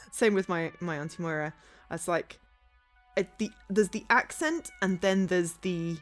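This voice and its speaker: A woman's voice: fairly low pitch, slow, faint music behind. A woman streaming a game, chatting casually in a rambling, easily sidetracked way.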